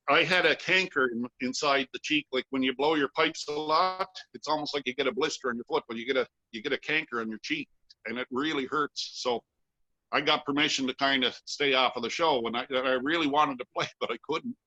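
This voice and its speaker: A man's voice: mid-range voice, a little fast, pushed and bright. A man from Canada, a guest storyteller, chuckling through a rambling personal anecdote for a live audience. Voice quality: chuckling, self-deprecating, rambling with restarts. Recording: dull lo-fi live recording.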